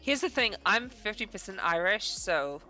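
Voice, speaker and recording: Woman, Boston accent, crude joking, giggly, bright tone, faint music behind. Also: medium pitch, lively intonation, moderate pace. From Boston area. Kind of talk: casual stream chat.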